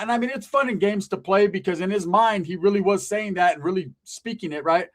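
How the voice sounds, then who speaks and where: A man's voice: sits high, a little fast, hardly any pauses. A man hosting a casual commentary monologue, talking in a loose conversational way, often asking "right?" and correcting himself. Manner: conversational, frequent "right?" asides, profanity, self-corrections. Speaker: commentary channel host.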